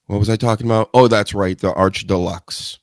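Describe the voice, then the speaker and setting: A man riffs solo on his show, rambling from one joke to the next with crude asides. His voice sits a little low, and the studio mic sounds close and dry with no room echo. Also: fairly even intonation, brisk. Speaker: show host. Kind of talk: solo radio-style chat show.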